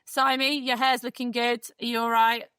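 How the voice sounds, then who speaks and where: A woman's voice: a little high, little pitch movement, moderate pace, a bit bright, clear, resonant tone, no echo, clean studio sound. A woman hosting a podcast in casual chat, teasing her co-hosts with upbeat banter. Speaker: podcast host.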